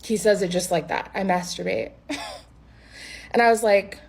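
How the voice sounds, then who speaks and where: A woman with a husky, breathy voice tells a bad-date story straight to the camera. She talks casually and bluntly, with exasperation and plenty of swearing, in an ordinary mid-range pitch. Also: normal speed.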